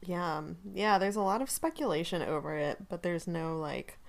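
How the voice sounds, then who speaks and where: A woman co-hosting a podcast, chatting about a book in a relaxed, easygoing way. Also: on the low side, moderate pace, vocal fry. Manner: relaxed, chatty, laughs easily. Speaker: podcast co-host. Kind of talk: casual book discussion.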